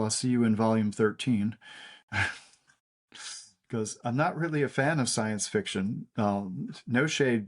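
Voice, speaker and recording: An older man with a medium-pitched voice, a cartoonist appearing as a guest, tells stories in a casual interview. His delivery is halting, with many fillers and restarts.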